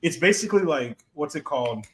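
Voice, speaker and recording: A man's voice: a little high, expressive, fairly quick, crowd noise. A young man co-hosting a film podcast, laid-back and profane in casual chat. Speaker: podcast co-host.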